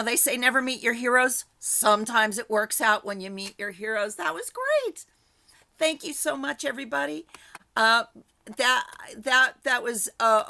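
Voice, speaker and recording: A woman's voice: a little high, sharp tone. A woman hosting an online improv show, chatty and jokey.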